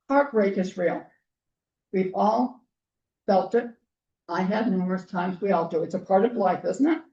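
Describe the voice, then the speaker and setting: A woman guest speaker telling personal stories to a group, earnest and clearing her throat often as her voice gives out. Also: medium pitch, warm tone. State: losing her voice. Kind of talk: personal storytelling talk. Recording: roomy, distant, dull lo-fi sound.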